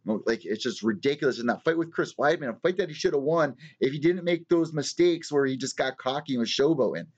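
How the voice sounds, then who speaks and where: A man's voice: mid-range voice, animated, a little fast, husky, muffled recording. A man hosting a live-streamed fight news show from his small apartment, ranting and swearing a lot in casual commentary. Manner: profane, heated ranting. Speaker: MMA news show host.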